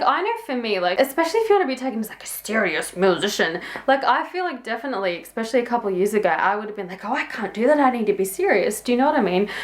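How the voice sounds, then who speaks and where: A young woman chatting casually as she reacts to a song, full of "like" and "um", giggling often. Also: fairly high pitch. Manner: chatty, lots of "like" and "um" fillers, giggly. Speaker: music reaction vlogger. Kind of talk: casual music reaction commentary. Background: song playing faintly underneath.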